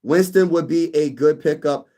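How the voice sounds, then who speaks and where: A young man hosting a casual sports live stream, reading viewer comments and bantering back with lively energy. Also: fairly high pitch, normal speed. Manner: animated, reads chat comments aloud and banters. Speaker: sports YouTube host.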